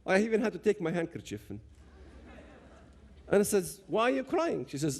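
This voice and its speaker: A man's voice: high voice, very animated, normal speed, darkish tone, husky. A man with a Palestinian Arabic accent giving an impassioned talk, addressing the audience directly and emphatically. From Palestinian territories.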